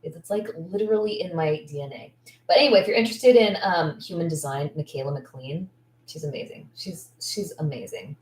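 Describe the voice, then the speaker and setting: A woman coach talks straight to her viewers in a loose, rambling way, candid and gushing with thanks, full of likes and restarts. Her voice sits a little low for a woman. The sound bounces around an echoey room. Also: lively intonation, fairly quick, darkish tone. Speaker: esthetician business coach. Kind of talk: casual livestream chat.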